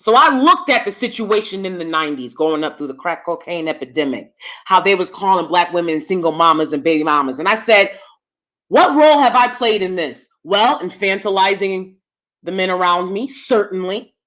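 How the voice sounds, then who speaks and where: A woman's voice: lively intonation, normal speed, fairly bright tone. A middle-aged woman hosting her own channel, talking bluntly and lecturing in a casual monologue to the camera. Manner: blunt, lecturing, switches between low asides and emphatic bursts. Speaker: YouTube commentary host.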